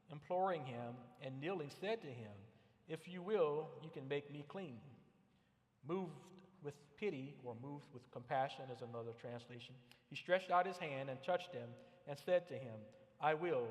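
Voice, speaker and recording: A man's voice: on the high side, big-room sound. A man preaching a sermon as pastor, earnest and often repeating words as he builds a point. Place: church sanctuary.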